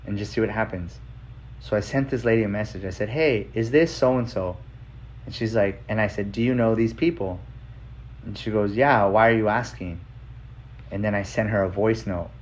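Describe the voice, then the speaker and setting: A man's voice: lowish voice, steady tone, normal speed, darkish tone. A man hosting a podcast, telling a personal story in a loose, profane, casual monologue. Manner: loose and profane, with frequent "like" fillers. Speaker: podcast host.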